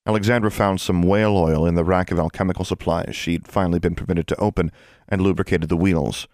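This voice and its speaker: Deep-voiced man narrating an audiobook. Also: steady tone, fairly quick, darkish tone, no room sound, clean studio sound. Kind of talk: scripted narration.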